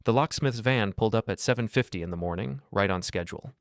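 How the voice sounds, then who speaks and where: A narrator recounts a first-person story, his very low voice calm and measured. The recording is dry and close, with no room sound or echo.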